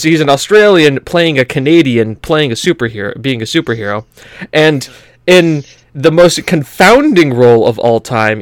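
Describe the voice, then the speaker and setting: A man co-hosting a gaming podcast in casual chat, rambling with lots of fillers and quick to laugh. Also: a little high, no echo. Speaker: podcast co-host.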